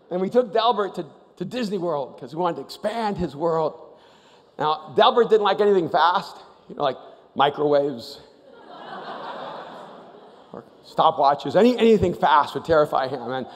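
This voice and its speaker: Male pastor, high voice, storytelling sermon, long hall reverb. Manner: storytelling with animated asides. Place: large church auditorium.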